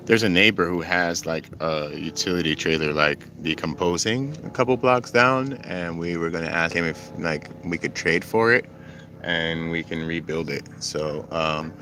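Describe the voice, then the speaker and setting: A man with an extremely low voice talks loosely to his viewers, full of "like" and "um." He is outdoors, and steady background noise comes through the recording. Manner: rambling, filler-heavy talk. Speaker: vlogger livestreaming from a desert camp. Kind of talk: casual livestream chat. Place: outdoors at a desert skate park camp.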